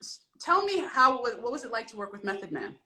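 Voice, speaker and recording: Woman show creator doing a casual q&a, bright crisp voice, friendly. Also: on the high side, sing-song, quick pace. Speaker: series creator interviewing the cast. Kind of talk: casual interview chat.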